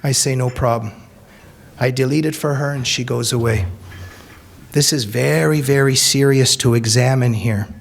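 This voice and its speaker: A man's voice: medium pitch, normal speed, gravelly. A man, an author, giving an earnest, emphatic speech to a live audience, telling anecdotes. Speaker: author and speaker.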